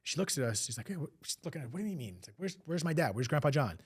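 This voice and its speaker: Fast-talking man recounting family story. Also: a little high, very animated, slightly rough. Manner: fast, emotional retelling with acted quotes. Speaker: podcast guest. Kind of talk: personal storytelling.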